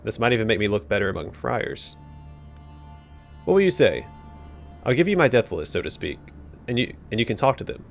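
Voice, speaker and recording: Man doing a cocky old loan-shark thief for a game, lively pitch, soft music behind. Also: fairly quick, gravelly, long pauses. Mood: swaggering. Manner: swaggering, breezy slang with threats.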